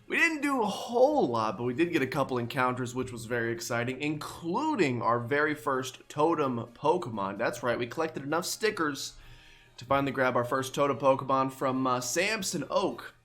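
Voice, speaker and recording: A man's voice: mid-range voice, lively intonation, normal speed, fairly bright tone. A young man hosting a game let's play, chatting in a rambling, self-deprecating way while groggy from just waking up. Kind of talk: casual gameplay commentary.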